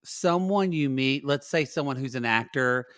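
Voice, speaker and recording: A man, co-hosting a podcast and recapping a reality show in animated casual chat with loud dramatic outbursts. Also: medium pitch, moderate pace, smooth, no room sound, studio quality. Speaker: podcast co-host.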